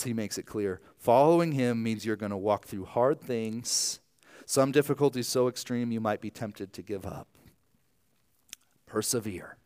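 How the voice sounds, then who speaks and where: A pastor from Ohio, delivering a sermon and moving from hushed near-whispers to loud, lively emphasis. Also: male voice, mid-range voice. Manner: animated, dropping to hushed tones.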